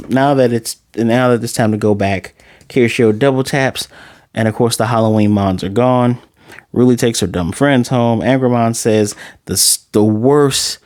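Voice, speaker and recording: A man casually recapping and reviewing an anime episode, acting out character lines with dramatic, exasperated reactions. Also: mid-range voice. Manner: animated, acts out character lines in quick snippets.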